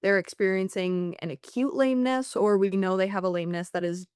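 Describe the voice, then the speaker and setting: A young woman researcher talks through her study in a chatty, easygoing way. Her voice is clear and smooth, recorded dry and close. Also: medium pitch, fairly quick, no echo. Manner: relaxed, chatty with fillers like 'like'. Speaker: graduate researcher, guest. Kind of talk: casual interview explanation.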